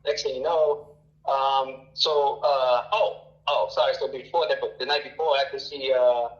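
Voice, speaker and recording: A man around forty, a caller telling a long personal story in a halting, rambling way with many fillers. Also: medium pitch, fairly even intonation, reverberant, lo-fi sound. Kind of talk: casual storytelling.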